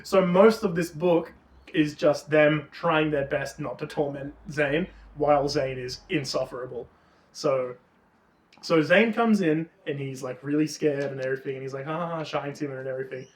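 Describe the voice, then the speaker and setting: A man co-hosting a casual book review chat, retelling the plot with lots of swearing and animated energy. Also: on the high side, normal speed. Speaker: podcast co-host. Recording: roomy, distant mic.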